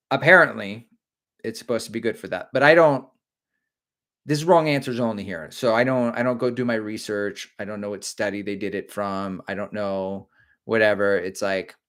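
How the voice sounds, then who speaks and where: A man's voice: lowish voice, moderate pace, a bit bright, smooth. A middle-aged man hosting a casual live stream, joking and rambling while he reads viewer comments aloud.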